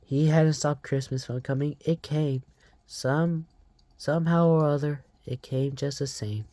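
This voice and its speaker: A channel host slowly reading a storybook aloud, emotional about the story. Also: mid-range voice, warm tone, no echo.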